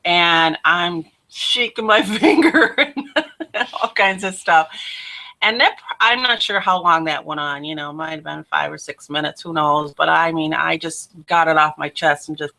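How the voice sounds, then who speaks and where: A woman hosting her own show, telling a personal testimony in an animated way, laughing often and acting out what people said. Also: low voice, moderate pace, vocal fry. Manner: animated, laughs often, acts out quoted voices. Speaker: host.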